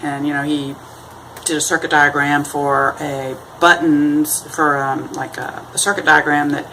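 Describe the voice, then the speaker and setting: Brief: middle-aged woman, low voice, rambling self-deprecating monologue, faint background hiss. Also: flat delivery, unhurried, pushed and bright, poor audio. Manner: rambling, self-deprecating, acts out quoted voices in a high sing-song. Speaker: vlogger. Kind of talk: casual explanatory monologue.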